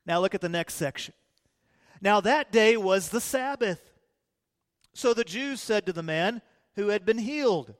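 A male pastor preaching a sermon in a church, animated, swinging between loud emphasis and quiet low lines. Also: normal speed. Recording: long hall reverb.

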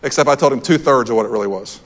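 A man's voice: mid-range voice, racing, a little hiss or hum. Earnest man preaching a personal story. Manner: storytelling, earnest, repeats key phrases. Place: church hall with audience.

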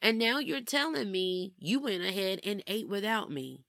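A young adult woman telling a personal story in a casual, animated way, often calling her listeners "y'all". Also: medium pitch, normal speed, gravelly, dry recording, studio quality. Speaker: vlogger.

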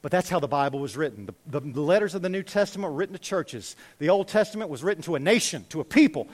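A man preaching a sermon as pastor, animated, swinging from loud urging to hushed, quiet lines. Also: on the high side, quick pace.

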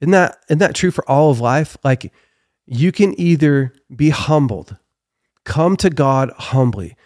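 A man's voice: on the high side, expressive, a little slow, darkish tone, dry recording. Earnest man teaching, dry close sound. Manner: earnest, reads scripture aloud, frequent self-corrections. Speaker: podcast guest speaker. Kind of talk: conversational faith teaching.

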